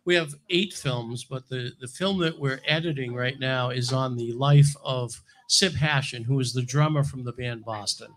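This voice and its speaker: Animated middle-aged male storyteller. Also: mid-range voice, normal speed, few pauses, poor audio. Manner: animated storyteller, acts out dialogue, fillers. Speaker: filmmaker guest. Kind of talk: storytelling and interview talk.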